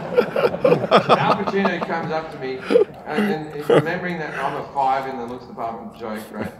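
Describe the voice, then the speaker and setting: A man's voice: expressive, normal speed. A man with an Australian accent doing stand-up, telling a story full of swearing and jumping into big voices for the people in it. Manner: swearing, acts out characters in big pitch jumps. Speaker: stand-up comedian. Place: large arena stage. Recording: roomy arena with live crowd, mic heard from far. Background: audience laughter.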